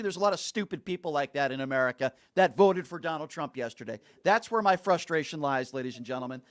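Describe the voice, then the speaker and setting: A man hosting a call-in radio show with a fairly high voice. He talks bluntly and argues hard with callers. The studio sound is close and dry. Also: a bit bright, no room sound.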